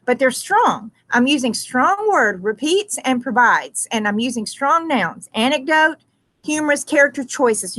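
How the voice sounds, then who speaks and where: A high-pitched woman talks through a writing lesson as a teacher. She thinks aloud with plenty of ums, corrects herself, and slows down on the words she wants to stress. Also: fairly bright tone.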